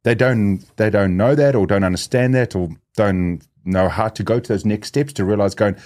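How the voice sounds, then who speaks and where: A man's voice: lowish voice, normal speed, darkish tone. A middle-aged man from Africa, hosting a podcast in a casual conversational way, thinking aloud with fillers and restarts. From South Africa. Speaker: podcast host.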